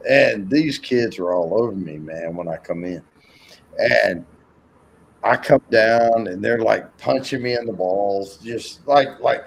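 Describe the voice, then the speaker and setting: A man's voice: fairly low pitch, normal speed, creaky, a little hiss or hum, rough recording. A man telling rambling, profane stories in a casual chat and acting out the voices in them. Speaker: co-host.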